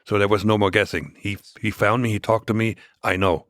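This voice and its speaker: A man as a podcast guest, recounting past events in a measured, reflective way during a conversational interview. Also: fairly low pitch, fairly even intonation, a bit bright, dry recording, clean studio sound.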